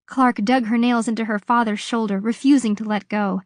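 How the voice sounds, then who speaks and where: Expressive woman narrating an audiobook. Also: mid-range voice, no room sound, clean studio sound. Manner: measured, expressive reading.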